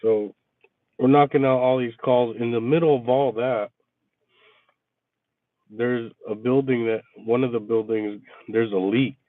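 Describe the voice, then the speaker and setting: A man telling a casual, profane story about his workday, venting with animated energy. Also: mid-range voice, unhurried, long pauses, no echo. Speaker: resort maintenance worker chatting with viewers. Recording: tinny phone-like, dry sound.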